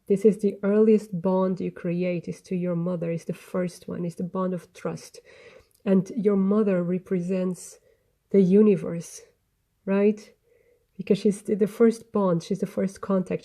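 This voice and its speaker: Mellow-voiced woman giving a tarot reading. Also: medium pitch. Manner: gentle, earnest, meandering with restarts. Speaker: tarot reader. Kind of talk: spoken tarot reading to camera.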